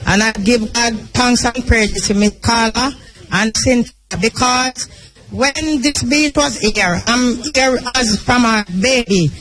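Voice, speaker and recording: A woman's voice: on the high side, slow, a bit bright. A Jamaican woman, a beach vendor, speaking plainly and gratefully to the crowd.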